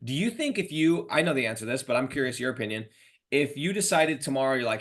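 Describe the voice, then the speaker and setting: A man's voice: medium pitch, very fast. Slangy, fired-up male podcast host. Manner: animated, slangy, addresses guest as dude and bro. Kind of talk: casual podcast interview.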